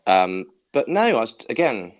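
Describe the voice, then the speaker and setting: A man's voice: medium pitch, big pitch swings, moderate pace. A man co-hosting a podcast, swapping enthusiastic anecdotes in casual chat. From Essex, England. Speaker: podcast co-host. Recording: dull lo-fi sound.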